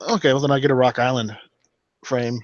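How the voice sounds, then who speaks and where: A man co-hosting a casual podcast chat, halting and restarting his words. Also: mid-range voice, steady tone, no room sound. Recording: dry, dull lo-fi audio.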